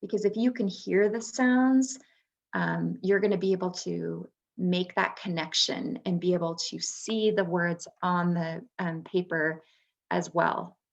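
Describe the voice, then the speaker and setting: A woman's voice: lowish voice, steady tone, unhurried, creaky. A woman, a former third grade teacher, explaining reading skills to parents in a patient presentation with frequent ums. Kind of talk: instructional webinar presentation.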